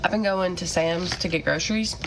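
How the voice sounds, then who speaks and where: A woman's voice: lowish voice, fairly quick. A woman complaining in disbelief about the groceries she bought. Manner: exasperated, disbelieving. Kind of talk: complaint video clip. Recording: noisy phone clip from off-mic.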